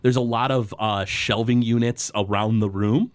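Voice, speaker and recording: A man's voice: medium pitch, fairly even intonation, moderate pace, no room sound. A man narrating as game master, describing scenes in a rambling way with many fillers and restarts.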